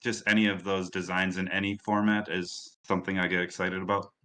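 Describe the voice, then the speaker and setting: A man's voice: low voice, level tone, fairly quick, sharp tone, a little hiss or hum, low-quality recording. Upbeat Midwestern man hosting a stream. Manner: upbeat, rambling with fillers and restarts. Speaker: stream host. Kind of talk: casual livestream commentary.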